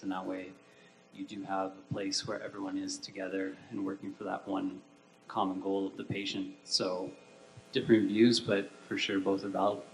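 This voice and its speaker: A man on a conference panel, giving a calm opposing view. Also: low-pitched, a little hiss or hum, poor audio. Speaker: panelist, health professional. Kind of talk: panel discussion.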